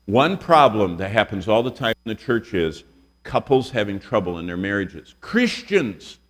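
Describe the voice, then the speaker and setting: A man's voice: lowish voice, big pitch swings, normal speed, fairly bright tone. A man in his sixties, a pastor teaching a Bible lesson to a room of college students, telling stories and asking the class questions. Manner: storytelling, quizzes the audience with questions.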